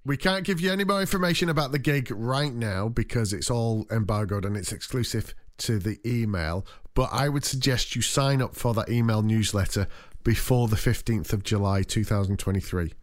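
A man's voice: mid-range voice, moderate pace. A man from Manchester with a Manchester accent, co-hosting a podcast in casual comedic chat, full of jokey asides. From Manchester, England. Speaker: podcast co-host.

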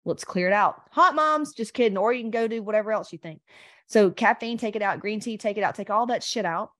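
A woman's voice: mid-range voice, quick pace, no echo. A middle-aged woman hosting a health podcast, talking casually and bluntly, swearing and rambling as she coaches her listeners directly. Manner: speaks straight to listeners. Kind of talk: casual unscripted coaching talk.

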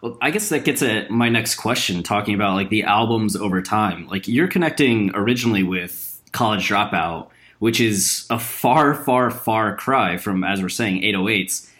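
A man's voice: fairly low pitch, expressive, normal speed, hardly any pauses, a bit bright. A man hosting a casual chat who lays out careful, analytical points and asks long questions.

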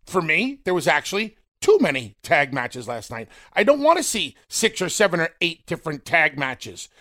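A man's voice: a little high, normal speed. A man co-hosting a casual wrestling talk show, speaking emphatically and addressing fans directly as a former professional. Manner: emphatic, animated, talks straight to fans. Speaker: podcast co-host, former wrestler.

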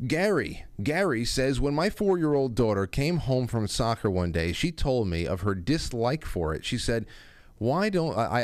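A man's voice: mid-range voice, expressive, normal speed, no echo. A middle-aged man hosting a casual call-in talk show, chatty and reading listener stories aloud. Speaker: radio talk show host.

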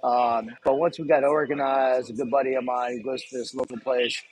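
A man's voice: medium pitch, little pitch movement, brisk, rough recording. An easygoing man with an ordinary mid-range voice tells stories as a guest on a casual fan chat. He rambles comfortably and laughs easily. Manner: laid-back, chatty, laughs easily. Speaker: fan club chapter president, guest.

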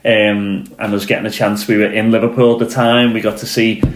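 A man's voice: on the low side, little pitch movement, brisk, slight background noise. An adult man co-hosting a football podcast, telling personal stories in fluent, engaged casual chat. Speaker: podcast co-host. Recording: roomy echo.

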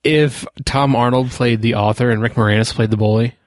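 A man's voice: medium pitch, fairly even intonation, brisk, no echo. A man co-hosting a podcast, giving short, dry replies in casual chat. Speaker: podcast co-host.

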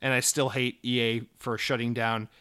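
A man's voice: medium pitch, level tone, moderate pace, bright, forceful tone, clean tone. A man hosting a gaming news podcast, ranting casually in a profane, sarcastic, exasperated way. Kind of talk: casual opinionated news rant.

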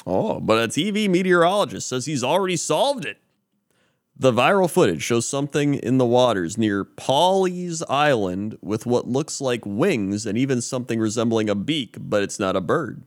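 A man's voice: mid-range voice, sing-song, normal speed. A man co-hosting a podcast, reading mock sports and news segments in a casual, laughing way. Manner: laughs often, reads news items aloud with stumbles. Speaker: podcast co-host.

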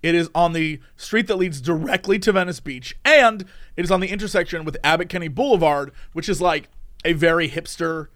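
A man telling a story in casual chat. He is animated, laughs often and acts out the voices. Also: a little high, a little fast. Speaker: podcast storyteller.

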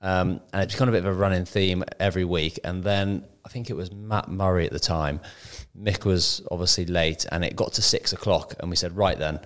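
Low-voiced man recounting a funny story. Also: fairly quick, hardly any pauses, fairly bright tone. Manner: chatty, laughs through his punchlines. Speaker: podcast co-host, ex-footballer. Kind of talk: casual chat, anecdotes.

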